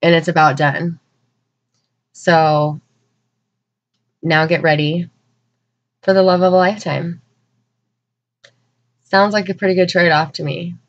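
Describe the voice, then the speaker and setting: Slow earnest woman reading tarot, lo-fi. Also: on the low side, fairly even intonation. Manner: slow, earnest, emotional, with many pauses. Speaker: tarot reader. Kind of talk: channeled spiritual message to viewers. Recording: dull lo-fi recording.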